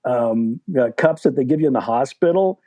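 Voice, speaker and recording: A man's voice: mid-range voice, moderate pace, dark tone. A man in his sixties from West Virginia, an author being interviewed, telling a story in a rambling, casual way full of fillers. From West Virginia, USA. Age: 60s. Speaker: guest author.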